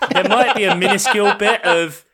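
A man co-hosting a casual podcast chat, teasing and quick to laugh, swearing casually. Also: high-pitched, bright, forceful tone. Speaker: podcast co-host.

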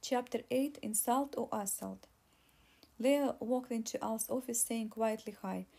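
A woman's voice: on the high side, unhurried, creaky, mellow. A woman narrating an audiobook, with frequent restarts.

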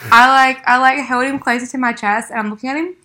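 A woman's voice: high-pitched, steady tone, quick pace, pushed and bright. Chatty young woman, laughing storyteller. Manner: chatty, laughs often, acts out quoted lines. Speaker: podcast co-host. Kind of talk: casual chat.

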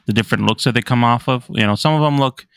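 Bright-voiced man, rambling podcast co-host, chatty delivery, dry close sound. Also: mid-range voice, fast talker, clean tone, dry recording. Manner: rambling, many restarts. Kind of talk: casual chat.

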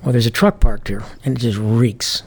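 A man's voice: medium pitch, normal speed. A man, a former police commander, telling stories in an interview and acting out the dialogue in different voices. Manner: lively, acts out quoted dialogue in different voices. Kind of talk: anecdotal interview storytelling.

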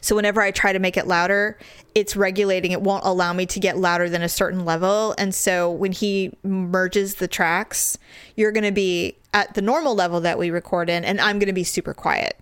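A woman's voice: mid-range voice, fairly even intonation, fairly quick, fairly bright tone, clear, resonant tone, no echo. Woman, stuffy nose, chatty and rambling, casual podcast talk, Skype call, dry sound. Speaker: podcast co-host. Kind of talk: casual chat.

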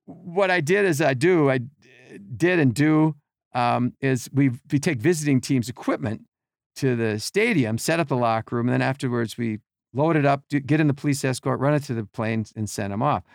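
A middle-aged man, a podcast guest, telling animated behind-the-scenes stories and acting out quotes and sounds. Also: medium pitch, normal speed, creaky, no echo, clean studio sound. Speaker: podcast guest, team equipment worker. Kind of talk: casual storytelling.

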